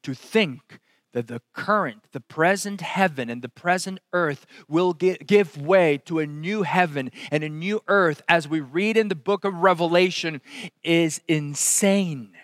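A man preaching a sermon, swinging from loud exclamations to hushed, intense asides. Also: on the high side, measured pace, no echo, clean studio sound. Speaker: pastor.

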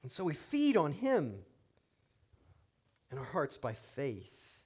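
A middle-aged man preaching a sermon as pastor, animated and joking, acting out quotes in different voices. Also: a little high, slow, breathy edge.

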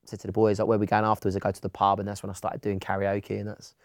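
A man's voice: on the low side, monotone, rapid-fire, no echo, studio quality. A man with an Essex accent, a podcast guest telling stories in casual chat, with lots of restarts. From England. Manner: chatty storyteller, many restarts.

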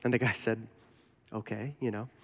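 A man's voice: on the high side, moderate pace. A man preaching a sermon to his church, telling stories in a conversational way. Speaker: pastor. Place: church sanctuary. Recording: long hall reverb.

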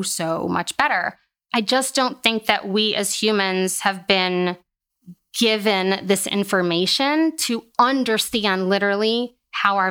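Woman, 30s, therapist guest; casual, animated, middle pitch. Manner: chatty, animated, acts out quoted voices. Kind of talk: casual podcast interview.

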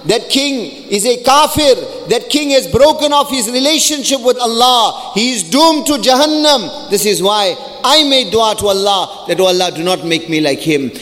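A man's voice: very high-pitched, expressive, normal speed, few pauses, fairly bright tone. A male preacher voicing a wise infant son earnestly admonishing his mother, heard in a long-reverb hall.

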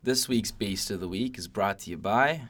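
A man's voice: lowish voice, moderate pace, a bit bright. A young man hosting a casual sports podcast, teasing his co-host and swearing casually.

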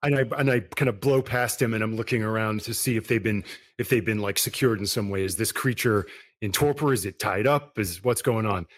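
A man's voice: fairly low pitch, fairly quick. A man playing a tabletop game, speaking hesitantly and acting out his character's lines. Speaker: player. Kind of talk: tabletop role-play.

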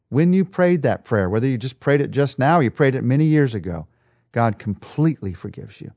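A man delivering a devotional sermon with an emphatic, repetitive rhetorical rhythm. His pitch swings widely as he stresses each point, and the sound is dry and close. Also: animated, brisk, darkish tone, no echo. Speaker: preacher.

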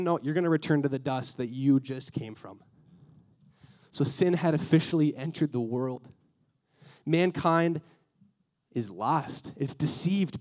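Young man preaching casually, higher voice. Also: dark tone. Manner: casual, earnest preaching with slang and acted-out quotes. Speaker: youth speaker. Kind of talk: sermon.

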